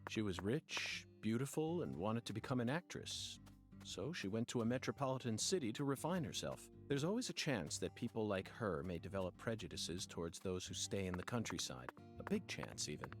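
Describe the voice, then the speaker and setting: An eccentric, musing agent. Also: male voice, sing-song, moderate pace, faint music behind. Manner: musing, oddly formal, leaps in pitch. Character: eccentric male FBI agent, musing and theatrical. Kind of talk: video game dialogue.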